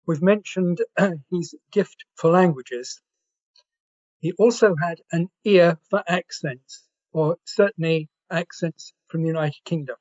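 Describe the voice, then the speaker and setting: A man with a southern English accent shares a story on a panel, taking his time and now and then clearing his throat. His voice sits high, and the sound comes through dull and lo-fi. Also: darkish tone. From Essex, England. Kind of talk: anecdotal panel reflection. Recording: dull lo-fi audio.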